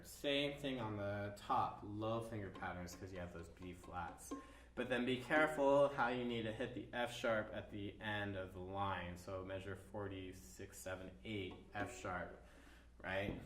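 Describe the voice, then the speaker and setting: A man's voice: on the low side, steady tone, normal speed, fairly bright tone, recorded from a distance, slight background noise. A man teaching an orchestra violin part, explaining the rhythms and counting the beats aloud. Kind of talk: music lesson. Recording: roomy, from off mic, violin behind. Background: violin playing.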